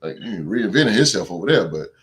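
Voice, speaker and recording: A man's voice: on the low side, brisk, slight background noise. A young man hosting a sports podcast, ranting with emphatic, repetitive casual talk. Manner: animated, emphatic, repeats himself. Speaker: podcast host.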